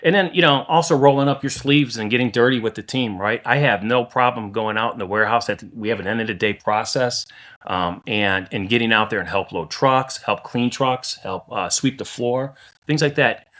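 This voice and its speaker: A man who owns a lawn care company, talking as a podcast guest in a plain-spoken, steady way with frequent restarts. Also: medium pitch, moderate pace. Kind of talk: casual podcast conversation.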